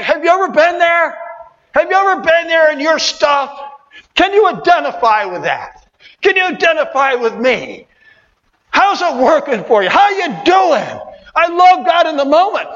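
A man preaching a sermon in fervent, repetitive, colloquial style, breaking into sudden shouts. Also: extremely high pitch. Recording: dull sound with long hall reverb.

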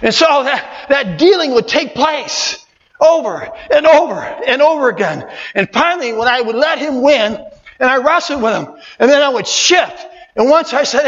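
A man preaching a sermon in fervent, repetitive, colloquial style, breaking into sudden shouts. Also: extremely high pitch, animated, moderate pace. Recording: dull sound with long hall reverb.

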